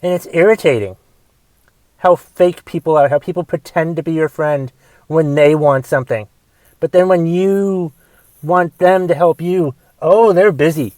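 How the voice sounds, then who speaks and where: Comic host, young man, slightly high voice, foul-mouthed rants that flare loud then drop to mutters, dry close sound. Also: unhurried, no echo. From United States. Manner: profane, swings between shouting rants and mumbled asides. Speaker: podcast host and stand-up comedian. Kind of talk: comedic solo podcast rant.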